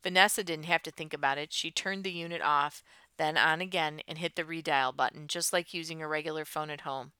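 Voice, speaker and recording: Woman reading a tense audiobook, lowish voice, super crisp and smooth. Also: steady tone, brisk, bright, forceful tone, no echo. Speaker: narrator. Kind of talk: audiobook narration.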